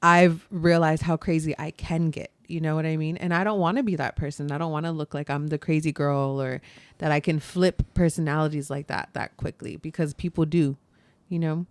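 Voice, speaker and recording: Young woman podcast cohost, chatty and giggly, gets quieter when she's thinking out loud, dry close mic sound. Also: low voice, steady tone, fairly quick, dry recording. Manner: chatty, laughs often, trails off softer when reflective. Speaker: podcast co-host. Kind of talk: casual chat.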